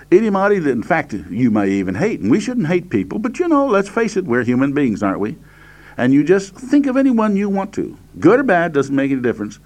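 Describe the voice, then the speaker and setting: A man preaching a sermon, leaning hard on repeated words, pausing with fillers, and lifting his voice to quote scripture. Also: mid-range voice, darkish tone. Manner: quotes scripture in a raised, slowed voice.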